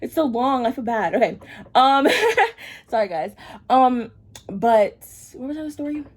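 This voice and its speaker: A woman's voice: a little high, lively intonation, moderate pace. Rambling, frustrated woman vlogger. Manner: chatty, rambling, repeats phrases for emphasis; frustrated, venting. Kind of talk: casual storytime while getting ready.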